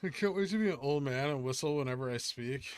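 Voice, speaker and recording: A man's voice: medium pitch, fast talker, smooth, no room sound. A man hosting a casual livestream, answering viewer chat questions in a laid-back, offhand way. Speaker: livestream host reading chat.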